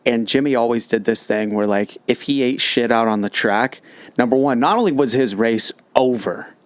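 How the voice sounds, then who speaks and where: A man hosting a casual podcast chat, easygoing and quick to laugh, swearing casually as he tells old stories. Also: medium pitch, dry recording.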